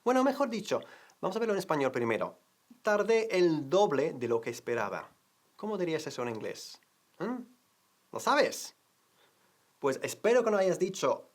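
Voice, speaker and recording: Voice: mid-range voice, sing-song, brisk, pauses often. A teacher opening an English lesson, quizzing the viewer and explaining in a chatty way. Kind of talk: bilingual language lesson.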